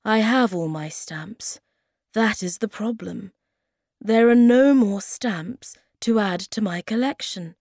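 Fussy, mournful storybook creature, read by a woman narrator, slow, dry close sound. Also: medium pitch, darkish tone, no room sound, voice pushed up. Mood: glum. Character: fussy gloomy male creature, collector.

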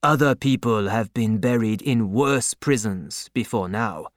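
A man doing a low, curt, guarded wine-shop keeper. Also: unhurried, no room sound, clean studio sound, natural voice. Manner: low, quiet, curt delivery.

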